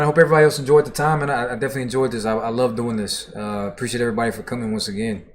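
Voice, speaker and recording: A man's voice: mid-range voice, steady tone, very fast, slight background noise. A man hosting a music reaction livestream, chatting casually and reading viewer comments aloud in a laid-back, profane way.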